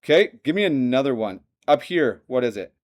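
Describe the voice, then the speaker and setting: A man teaching a math lesson to a classroom, lively and joking, often asking the students questions. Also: medium pitch, a little fast. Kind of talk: classroom lecture.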